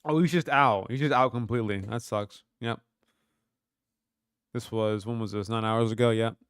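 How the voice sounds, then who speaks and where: A man's voice: mid-range voice, steady tone, moderate pace, smooth, dry recording, studio quality. A young man from Kentucky hosting a casual livestream, joking loosely, swearing often and reading chat aloud. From Kentucky, USA. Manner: loose, profane, joking banter. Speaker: livestream host.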